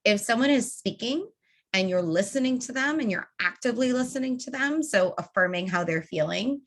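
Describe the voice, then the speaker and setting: A woman's voice: mid-range voice, animated, moderate pace. A woman leading an online training session over a video call, talking casually and acting out example dialogues. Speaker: organizing trainer.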